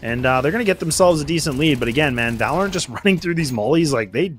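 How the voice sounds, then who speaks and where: Male color commentator, rapid and analytical, faint noise underneath. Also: a little high, expressive. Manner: quick, analytical, many fillers.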